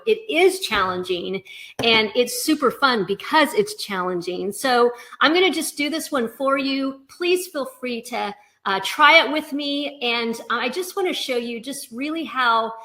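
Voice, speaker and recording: A woman's voice: a little high, pushed and bright. A woman music teacher giving a webinar lesson, explaining rhythms and counting beats aloud. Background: backing music.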